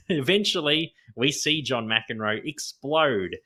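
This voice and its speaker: A man's voice: mid-range voice, lively intonation, takes it slowly, sharp tone. A man co-hosting a podcast, casually recapping a TV episode scene by scene and laughing often as he goes. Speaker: podcast co-host.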